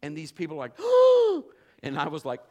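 A man preaching and telling a personal story, animated, swinging from shouts to hushed storytelling. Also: fairly high pitch, very fast, dull audio. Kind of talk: sermon with personal testimony.

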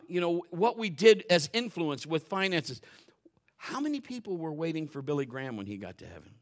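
A male pastor delivering a sermon in a church, his voice pitched a little high and ringing bright. He preaches in a folksy, joking manner. He drops to quiet asides and climbs to loud, fervent passages.

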